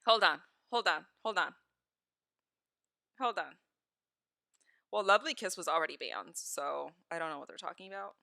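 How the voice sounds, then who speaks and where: A woman's voice: on the low side, animated, moderate pace, gravelly, pauses often, bright, forceful tone, no echo, studio quality. A woman live streamer chatting casually with her viewers, laughing often and swearing freely.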